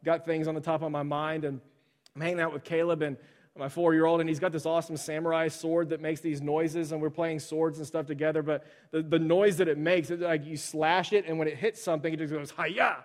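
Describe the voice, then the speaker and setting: A man's voice: on the high side, fairly quick. A man preaching a sermon as pastor, talking in a loose conversational way with many fillers and restarts, and telling stories with animation. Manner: animated storyteller.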